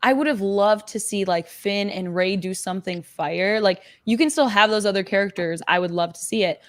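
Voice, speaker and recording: A woman's voice: medium pitch, normal speed. A woman guest chatting casually and easygoingly on a live stream. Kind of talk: casual chat.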